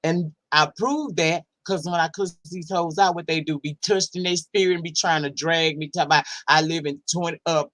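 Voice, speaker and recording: A woman's voice: deep voice, steady tone, moderate pace, hardly any pauses, fairly bright tone, dry recording. A woman hosting a casual livestream, reading out chat comments in a blunt, profane, sassy way and drawling words for emphasis. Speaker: livestream host.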